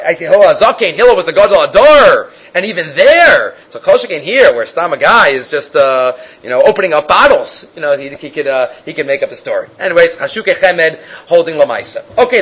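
High-voiced man teaching a Talmud class. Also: husky, low-quality recording. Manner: animated, acts out quotes in raised voice; halting with fillers and restarts.

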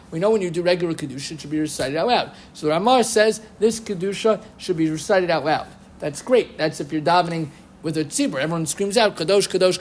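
High-voiced man teaching Jewish law. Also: slight background noise. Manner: lively, quotes rabbinic sources, chants Hebrew phrases. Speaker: Torah teacher. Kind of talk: halachic lecture.

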